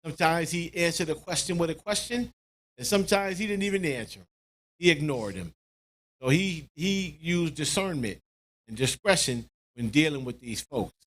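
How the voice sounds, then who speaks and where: A man's voice: on the high side, expressive, normal speed, fairly bright tone. A man adding a point during a class discussion, hesitant at first and then explanatory. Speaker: class member.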